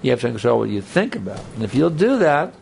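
Gravelly-voiced man giving a rambling talk. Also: mid-range voice, very animated, fast, a little mellow, a little hiss or hum. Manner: conversational, rambling, joking asides. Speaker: spiritual teacher. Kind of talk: sermon with audience banter.

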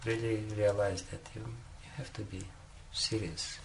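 Male spiritual teacher with a low, gravelly voice, storytelling in a devotional talk, warm chuckles throughout. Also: fairly even intonation, unhurried, a little hiss or hum. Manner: chuckles often, peppers speech with "you know".

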